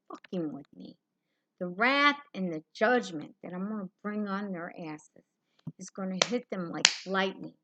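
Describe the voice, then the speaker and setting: A woman on a live stream, delivering a furious, rambling rant full of swearing. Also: mid-range voice.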